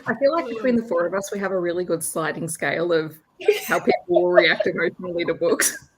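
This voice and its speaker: A woman co-hosts a casual live chat over a video call. Her voice is on the low side for a woman, and she talks quickly. Her manner is emphatic and insistent. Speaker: co-host.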